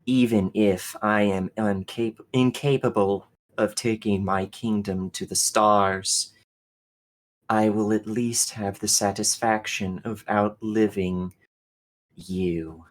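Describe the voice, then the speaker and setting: Filled with seething contempt, a man's steady, lowish voice gives slow, scornful life to an ancient, hateful machine queen during a tabletop game. The audio quality is poor.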